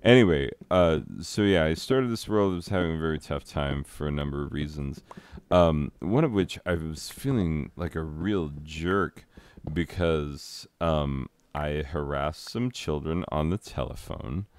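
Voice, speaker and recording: A teacher in his thirties who vlogs about gaming gives rambling, casual commentary over gameplay, telling a story, poking fun at himself and breaking into sung asides. His voice is a rumbling low, unhurried and clean, with no echo.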